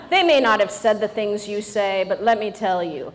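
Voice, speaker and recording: A middle-aged woman speaking to a live audience in a humorous motivational talk. She sounds playful and teasing, drops quick jokes, and keeps asking "right?" to pull the crowd along. Her pitch sits in an ordinary middle range. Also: a little hiss or hum. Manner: playful and joking, with frequent "right?" asides to the audience.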